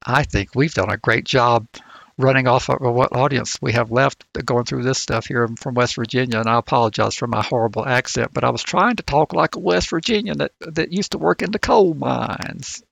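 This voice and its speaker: A man's voice: medium pitch, normal speed, gravelly, fairly bright tone, dry recording. A man co-hosting a podcast in casual chat, with a snarky manner. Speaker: podcast co-host.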